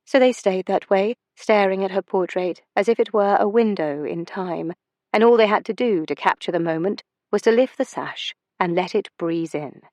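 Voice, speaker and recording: A woman reads a romance novel aloud with measured, expressive storytelling. Her voice sits at a middle pitch for a woman. The recording is very dry and close, with no room sound. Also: no echo. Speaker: audiobook narrator. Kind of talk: scripted romance narration.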